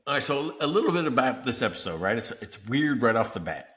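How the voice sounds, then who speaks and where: A man's voice: medium pitch, big pitch swings, fast, fairly bright tone. A man hosting a casual business podcast, telling stories animatedly and laughing often. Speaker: podcast host. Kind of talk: casual chat.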